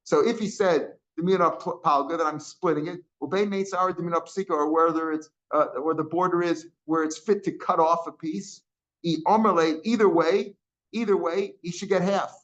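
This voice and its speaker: A man's voice: on the high side, steady tone, fairly quick, fairly bright tone. A man teaching a daily Talmud class, explaining each line and mixing English with Aramaic and Hebrew terms, often repeating and restarting phrases. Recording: dull lo-fi recording.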